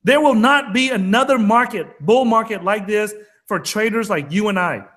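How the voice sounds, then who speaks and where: In a casual chat on the crypto trading talk show he co-hosts, a man delivers an emphatic, fired-up rant. His voice sits high and is a bit bright, and he keeps a moderate pace.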